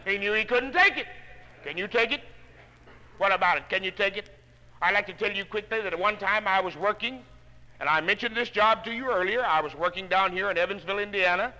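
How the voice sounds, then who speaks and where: Bright folksy man speaking in a reverberant hall. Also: high voice, fairly quick. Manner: down-home storyteller, swings from hushed to loud. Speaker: sales motivational speaker. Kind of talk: folksy motivational speech to salespeople. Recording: reverberant hall on a 1960s spoken-word record.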